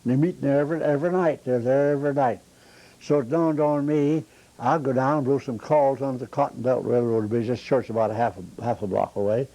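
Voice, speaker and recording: An older man spins rambling circus tales in a folksy, plain-spoken way. His voice is mellow and dark, with pitch at an ordinary middle height. He talks like someone chatting at home during a relaxed interview. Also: fairly quick, dull audio. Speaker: interviewee, retired circus bandleader. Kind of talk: rambling anecdotal storytelling.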